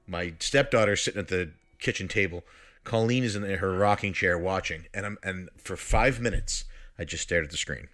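A man with a bright, forceful voice tells a story in loose, casual conversation. He is animated, swears freely and laughs through his words. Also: deep voice, normal speed. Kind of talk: casual storytelling among friends.

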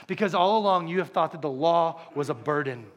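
Emphatic pastor preaching. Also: male voice, on the high side, fairly quick, dull audio. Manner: emphatic, repeats key phrases, shifts between hushed and loud. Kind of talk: sermon. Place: church service.

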